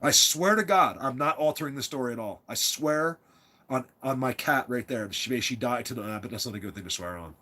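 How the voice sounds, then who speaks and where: A man's voice: medium pitch, fairly quick, sharp tone. A father telling a personal story in a rambling, casual monologue, emphatic, often repeating words and restarting.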